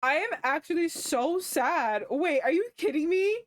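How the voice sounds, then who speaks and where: Excitable high-voiced streamer woman. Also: unhurried, hardly any pauses, noisy background. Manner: swearing, exclamatory outbursts. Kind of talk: live game commentary. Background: game music.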